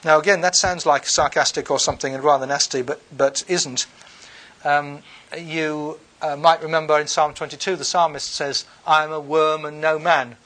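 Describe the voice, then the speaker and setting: A man's voice: fairly high pitch, steady tone, normal speed, a bit bright. Lecturing man reading scripture aloud. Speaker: bible lecturer.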